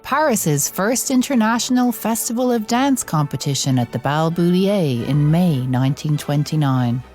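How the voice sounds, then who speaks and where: A woman reading a scripted documentary narration in a measured, deliberate way, with soft music underneath. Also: low-pitched, expressive.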